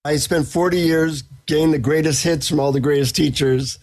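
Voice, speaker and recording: A middle-aged man, a psychotherapist and author, chatting as a podcast guest and telling anecdotes in a relaxed, self-deprecating way. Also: a little high, moderate pace. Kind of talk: casual interview storytelling.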